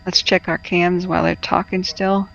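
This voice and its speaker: A woman hosting a casual wildfire-tracking livestream, chatty and halting, out of breath and feverish. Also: on the low side, little pitch movement, creaky, a bit bright, lo-fi sound, slight background noise. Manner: chatty, halting, addresses viewers as friends.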